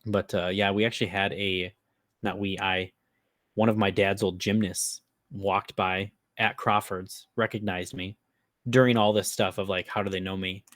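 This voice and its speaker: Here a deep-voiced man with a fairly bright tone and little pitch movement talks at normal speed in clean studio sound with no room noise. He co-hosts a podcast, and in his Upper Midwest American accent he casually rambles through a long prank story, laughing and cursing freely.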